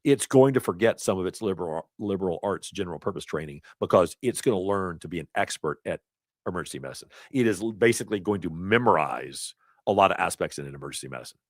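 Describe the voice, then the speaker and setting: A man's voice: sits low, lively intonation, quick pace, dry recording, clean studio sound. A male instructor giving a casual, chatty lecture, with storytelling asides and the odd laugh. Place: classroom or event hall.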